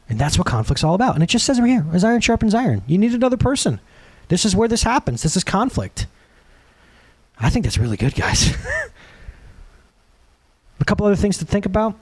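This man's high-pitched voice carries a breathy edge as he preaches. He's a pastor in his thirties with a conversational, animated style, performing quotations in other voices.

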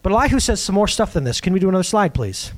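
A male pastor preaching a sermon in a casual, animated way, acting out the quotes he reads. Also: high voice, racing.

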